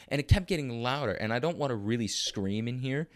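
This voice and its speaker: A young podcast host tries out stand-up bits from a room at home, rambling profanely and animatedly, restarting sentences and pushing his voice up for emphasis. His mid-pitched voice is clear and resonant, and he talks fast with hardly any pauses.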